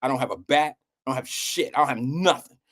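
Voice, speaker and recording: A middle-aged man hosting a live show, telling a personal story in a blunt, animated way, with casual swearing and acted-out quotes. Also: fast. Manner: animated, acts out quotes with swings in pitch. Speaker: host.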